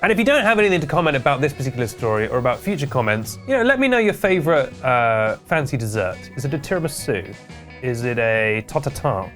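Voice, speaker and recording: A man hosting a comedic internet news vlog, with wry, deadpan asides. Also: medium pitch, quick pace, soft background music. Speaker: host.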